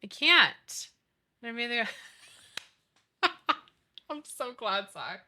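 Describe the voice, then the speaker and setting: A woman's voice: a little high, very slow. A woman in her thirties streaming a life-sim game, chatting casually with her chat about childhood and movies. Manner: chatty, animated, reads chat aloud. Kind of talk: casual chat while gaming.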